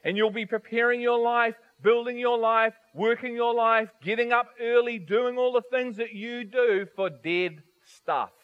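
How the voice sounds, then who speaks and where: A man preaching a sermon to his congregation, animated, asking rhetorical questions and swinging from soft to loud. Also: very high-pitched, unhurried, few pauses, muffled recording. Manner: animated, rhetorical questions, varies volume widely.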